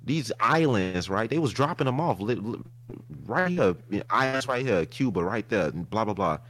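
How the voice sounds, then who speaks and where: Profane animated man telling a story. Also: fairly low pitch, normal speed. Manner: animated, profane, retells a heated argument. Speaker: podcast host. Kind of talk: casual storytelling chat.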